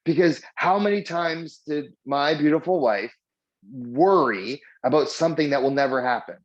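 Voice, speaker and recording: A man teaches a relaxed mindfulness lesson in a chatty, storytelling way, using lots of fillers. He acts out the people in his stories with lively voices. The sound is slightly dull and muffled. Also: fairly high pitch, normal speed. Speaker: mindfulness trainer. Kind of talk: casual spoken lesson.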